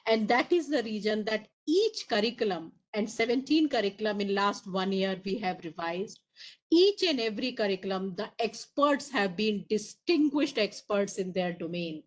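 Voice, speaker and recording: A woman's voice: medium pitch, lively intonation, normal speed, poor audio. A woman moderating a session and giving formal closing remarks, earnest and emphatic as she reads a long list of names. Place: conference hall.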